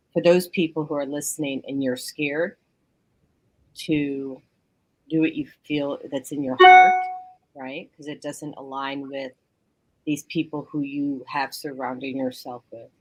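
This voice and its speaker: A woman's voice: very deep voice, slow pace, long pauses, no echo, rough recording. A woman guest on a call-in talk show who speaks from her bedroom and tells stories animatedly, acting out what others said. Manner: animated storyteller, acts out quotes. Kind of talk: casual radio talk. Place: home bedroom.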